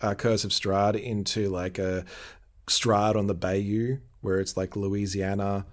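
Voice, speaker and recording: A man hosting a relaxed podcast conversation, talking his points through at length. His voice sits somewhat low, and he laughs easily between thoughts. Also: slow. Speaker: podcast host. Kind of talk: casual podcast chat.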